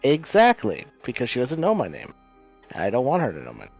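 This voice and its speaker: A man's voice: mid-range voice, huge pitch swings, fast talker, vocal fry, a little mellow, no room sound, dull audio, soft background music. A man playing a tabletop game who argues his point stubbornly. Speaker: player. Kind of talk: tabletop game play, casual chat.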